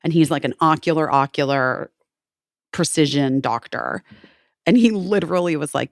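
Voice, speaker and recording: A woman's voice: sits low, moderate pace, no echo, clean studio sound. A woman in her forties co-hosting a podcast, chatting casually and animatedly with frequent swearing and quoted voices. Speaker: podcast co-host. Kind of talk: casual chat.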